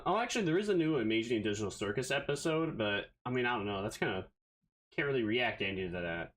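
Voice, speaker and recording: A man's voice: medium pitch, lively intonation, fast talker, fairly bright tone, rough recording. A man streaming live, chatting casually and rambling playfully to himself, a bit out of breath.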